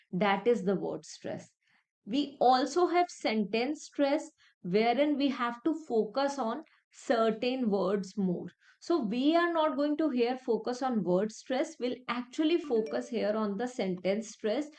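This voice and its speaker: A woman's voice: fairly high pitch, a little mellow. A young woman teaching an exam-prep lesson, explaining each point step by step and repeating it with many "okay"s. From India. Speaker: English test tutor.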